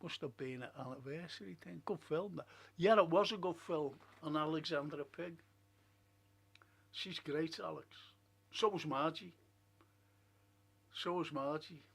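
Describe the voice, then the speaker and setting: A man's voice: fairly high pitch, unhurried, gravelly, pauses often, fairly bright tone, slightly rough. A man hosting a casual live stream, chatting in a rambling way, musing aloud and reading out viewer comments. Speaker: livestream host. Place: at home.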